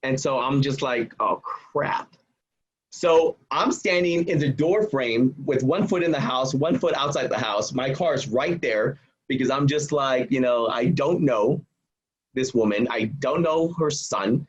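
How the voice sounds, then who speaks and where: Husky man telling a story animatedly. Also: medium pitch, unhurried, highs cut off. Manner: acts out quoted voices. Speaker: podcast guest.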